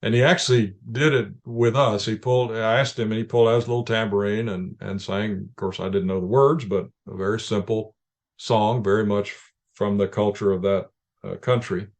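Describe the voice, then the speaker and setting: A man being interviewed, calmly telling field stories in measured anecdotes with frequent restarts. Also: on the low side. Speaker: ministry leader guest. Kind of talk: interview storytelling.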